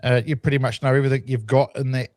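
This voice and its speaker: A man hosting a casual online chat, relaxed and joking. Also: mid-range voice, fast, no room sound, studio quality. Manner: relaxed, friendly banter, laughs often. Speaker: show host.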